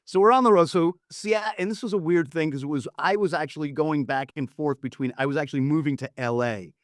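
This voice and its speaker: A man with a somewhat high voice tells a story in a relaxed podcast chat. He gets animated and acts out the people he quotes with big jumps in pitch. The sound is close and dry, with no room around it. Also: fast, dry recording. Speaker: former record promotion man, guest storyteller.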